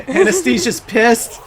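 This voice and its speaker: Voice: high-pitched, fairly bright tone. A let's play host giving casual, chatty gameplay commentary, laughing often and swearing now and then.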